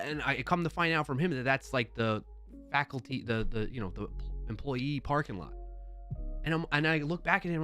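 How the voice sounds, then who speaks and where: A man's voice: mid-range voice, lively intonation, normal speed, a bit bright, faint music behind. A man in his thirties hosting a livestream, telling a casual, rambling story with lots of fillers and restarts into a desk mic. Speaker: livestream host.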